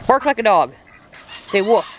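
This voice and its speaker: Her medium-pitched voice is expressive and moves at a normal pace, though the audio sounds dull. This woman, a farm vlogger, chats casually outside with her poultry and teases them in a baby-talk way, with chickens clucking and roosters crowing over the noisy farm sound.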